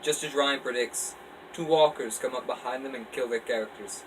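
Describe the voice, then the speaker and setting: Man, casual storyteller, relaxed reading, distant mic, faint AC hum. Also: medium pitch, moderate pace. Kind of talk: casual read-aloud storytelling. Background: faint air-conditioner hum.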